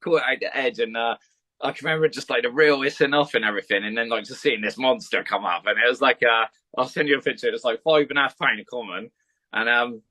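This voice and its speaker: A man's voice: mid-range voice, quick pace, bright, forceful tone. A man, a podcast guest, rambling through a story in casual chat and swearing freely.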